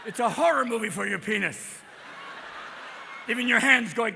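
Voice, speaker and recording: A man performing live stand-up comedy with manic energy, jumping between voices and bursts of shouting. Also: very high-pitched, expressive, normal speed, creaky, long pauses. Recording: live hall reverb, crowd noise. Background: audience laughter.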